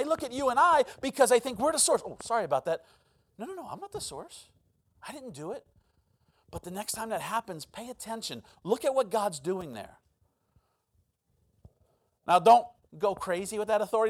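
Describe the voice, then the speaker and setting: A man preaching a sermon as pastor, telling a personal story with sudden swings between loud and quiet and frequent repeated words. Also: sits high.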